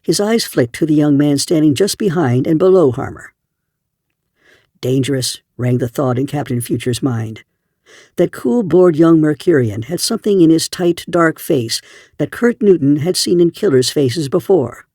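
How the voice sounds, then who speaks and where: A man narrating an audiobook in a steady storytelling voice. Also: on the high side, normal speed, no room sound, studio quality. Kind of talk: scripted narration.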